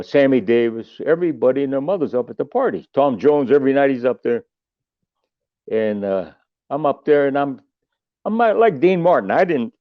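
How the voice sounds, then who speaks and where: A man's voice: mid-range voice, no room sound. An older man, a musician guest on a podcast, telling long rambling stories with salty asides and restarts. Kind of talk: casual storytelling. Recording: tinny phone line, dry.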